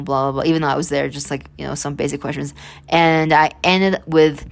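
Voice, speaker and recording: A young woman hosting her own podcast, telling a story in a rambling, animated way with many restarts and asides. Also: sits low, normal speed, creaky. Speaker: podcast host. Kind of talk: casual storytelling monologue.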